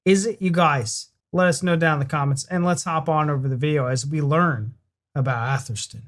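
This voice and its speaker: A man's voice: fairly high pitch, a little fast. Playful American man hosting a reaction. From United States. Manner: playful, rambling, jokes with co-host. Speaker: reaction channel host. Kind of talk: casual reaction chat.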